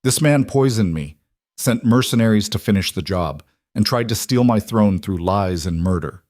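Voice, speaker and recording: A man voicing a commanding male werewolf king who speaks in a stern, measured way. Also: on the low side, expressive, a little mellow, dry recording, clean studio sound, close to an everyday voice.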